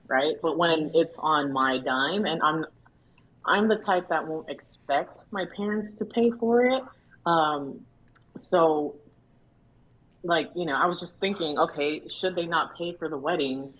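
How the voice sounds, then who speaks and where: Animated young woman telling a story. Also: fairly low pitch, unhurried, highs cut off. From Filipino family in America. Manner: animated, acts out quotes, laughs often. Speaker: interview guest, bride. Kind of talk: casual storytelling chat.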